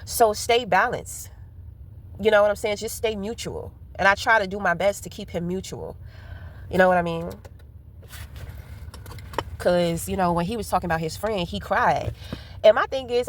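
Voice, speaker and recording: A woman's voice: medium pitch, normal speed. A woman chatting casually while driving, telling a rambling, candid story full of profanity. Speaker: vlogger. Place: inside a car. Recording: car noise in background.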